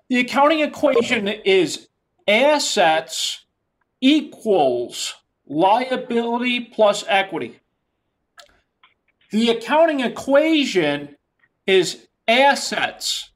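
A lecturer with a New York accent giving a classroom lecture, repeating key terms in a plain, explanatory way. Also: medium pitch.

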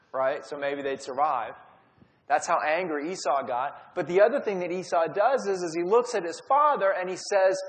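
A man leading a Bible study in a conversational teaching style, retelling stories and acting out quotes. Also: on the high side. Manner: storytelling, acts out quotes. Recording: long hall reverb.

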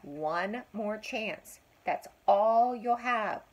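A gentle, solemn fairy speaks softly and slowly in a storybook, as an older woman reads her lines. The voice is a little husky and calm. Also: fairly high pitch, dull audio, exaggerated voice.

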